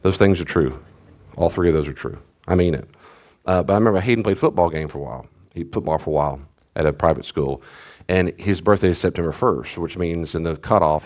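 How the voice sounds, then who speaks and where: A man's voice: sits low, darkish tone. A middle-aged man, a pastor, teaching in a conversational, rambling way with restarts and asides. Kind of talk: sermon-style teaching talk.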